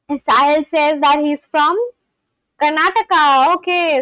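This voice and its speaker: A woman's voice: high-pitched, takes it slowly, fairly bright tone, no echo, poor audio. A woman chatting on a live stream, saying phrases aloud and then translating them. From India (Kolkata, West Bengal). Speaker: streamer learning a language. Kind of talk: casual live-stream chat.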